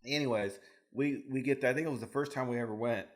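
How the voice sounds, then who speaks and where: A man's voice: mid-range voice, fast. A man from Fresno co-hosting a podcast, trading joking, profane banter and telling stories from his childhood. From Fresno, California. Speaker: podcast co-host. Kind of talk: casual chat.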